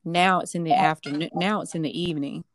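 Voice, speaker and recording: Low-voiced young woman, hesitant storytelling. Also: fairly even intonation, no room sound. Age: young adult. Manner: hesitant, halting, many fillers and restarts. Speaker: guest. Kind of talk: personal storytelling in a podcast interview.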